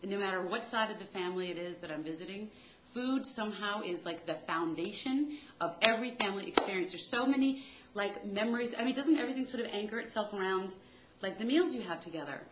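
A woman's voice: mid-range voice, lively intonation, fast talker, echoey room, background noise. A woman telling a rambling, self-deprecating comic story about her family in a chatty way.

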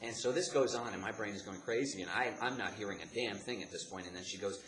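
A man from the Chicago area telling a comic story, animated, jumping between laughing outbursts and hushed asides. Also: lowish voice, fast. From Chicago area, United States. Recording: echoey room with background noise.

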